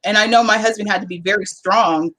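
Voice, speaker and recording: A woman's voice: medium pitch, fairly even intonation, brisk, pushed and bright. A woman from Southern California with a Southern Californian accent, a guest on a panel chat, talking in a candid, chatty way with lots of fillers.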